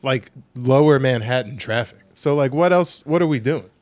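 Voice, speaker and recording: A young man hosting a podcast in casual chat, joking, animated and swearing freely. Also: medium pitch, moderate pace, dry recording. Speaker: podcast host. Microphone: studio podcast mic.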